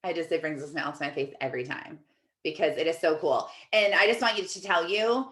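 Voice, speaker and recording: A woman's voice: low-pitched, fairly quick, fairly bright tone, reverberant. A woman life coach hosting a group video call, chatting casually and reading out comments from the chat in an upbeat, encouraging way.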